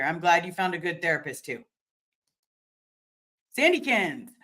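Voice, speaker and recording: A woman's voice: lowish voice, animated, normal speed, pauses often, fairly bright tone. A young woman hosting a casual livestream from home, reading viewer comments aloud and talking candidly, with frequent fillers, restarts and the odd swear word.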